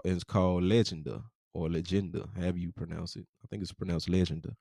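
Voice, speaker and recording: A man with a low, mellow voice hosts a podcast, reading book passages aloud and breaking in with casual, profane remarks. The sound is dry and close, with no room behind it. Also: dry recording. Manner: casual, profane asides between quotes. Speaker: podcast host.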